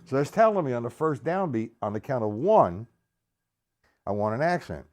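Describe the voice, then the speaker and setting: Over loud music and a drum kit, an older man leads a drum lesson on a live stream in a sing-song, medium-pitched voice at a moderate pace. He addresses people in the chat by name, explains the exercises one by one, and counts out the beats.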